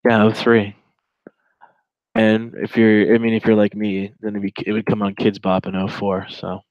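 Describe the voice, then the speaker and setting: A man's voice: on the low side, completely flat delivery, normal speed, no room sound, dull audio. A man in his twenties giving casual, rambling reaction commentary while reading a chat log, with sarcastic asides.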